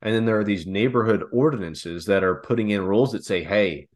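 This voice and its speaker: A man's voice: on the low side, a little fast. A man co-hosting a casual comedic chat, rambling into long joking hypotheticals. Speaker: podcast co-host.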